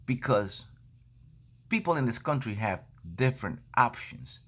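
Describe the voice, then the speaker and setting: A coffee seller and vlogger tells a story in a relaxed, casual monologue, acting out the dialogue as he retells it. His mid-range voice is a bit bright, with lively intonation.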